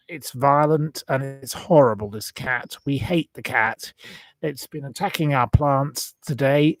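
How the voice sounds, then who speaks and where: A man's voice: a little high, no echo. A man hosting a rambling, indignant livestream chat about animals, breaking off to apologize for his rants. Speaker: channel host.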